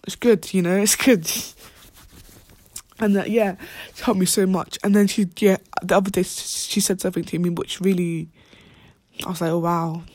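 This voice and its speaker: A woman's voice: on the low side, steady tone, normal speed, pauses often, darkish tone, no echo. A young woman, a college student talking casually about her own life, rambling with many fillers and restarts, dropping to whispers at times. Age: young adult. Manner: slang-heavy, drops to whispers at times. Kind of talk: casual personal vlog.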